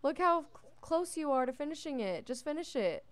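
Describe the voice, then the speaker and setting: A woman's voice: high voice, sing-song, moderate pace. Chatty woman voicing game commentary. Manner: chatty, talks to the game characters. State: yawning a lot. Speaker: let's play host. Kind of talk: casual gameplay commentary.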